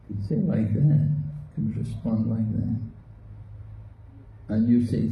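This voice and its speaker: In a hall, a man with a lowish voice speaking at normal speed leads an interactive scripture class. Playing the skeptic, he quizzes students with quoted objections and answers their replies. The recording sounds roomy and dull, with faint noise.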